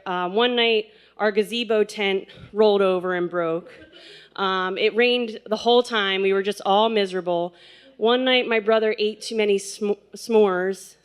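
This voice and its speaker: A woman's voice: medium pitch, steady tone, measured pace, clear, resonant tone. A woman in her twenties telling a personal story live on stage, chatty and laughing, with lots of fillers. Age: 20s.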